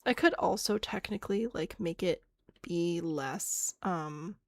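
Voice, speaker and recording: A woman's voice: lowish voice, a little slow, no echo. A woman streaming a game, chatting casually, thinking aloud and answering chat with self-mocking laughs. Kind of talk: casual live-stream chat while playing.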